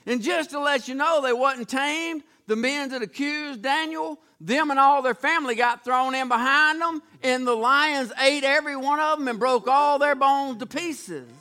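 A man's voice: very high-pitched, normal speed, hardly any pauses, pushed and bright. A man preaching a sermon, retelling Bible stories in a folksy, dramatic way with acted-out voices. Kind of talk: storytelling sermon.

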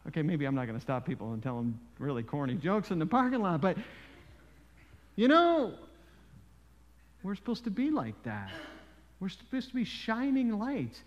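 Animated preacher, high lively voice. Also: male voice, normal speed, long pauses, lo-fi sound. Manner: animated storytelling with frequent "you know" asides. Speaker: pastor. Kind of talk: sermon. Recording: long reverb in a large hall.

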